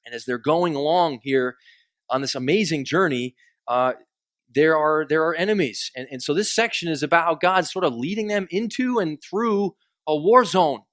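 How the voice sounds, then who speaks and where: A man's voice: fairly high pitch, fairly bright tone, no room sound. A man preaching a sermon in a conversational, joking way, acting out quoted complaints. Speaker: pastor.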